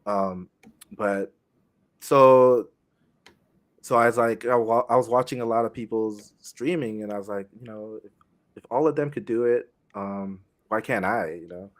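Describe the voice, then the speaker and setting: Man, young adult, lowish voice, halting, casual podcast guest. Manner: halting, many fillers and restarts, soft-spoken. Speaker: guest streamer.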